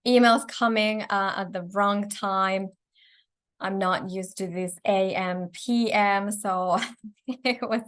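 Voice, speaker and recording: Woman, business coach, slow unhurried delivery, hesitant and self-correcting, tiring voice, video-call mic. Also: medium pitch, a bit bright. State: voice tiring from long talking. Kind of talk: live online mentoring session. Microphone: video call microphone.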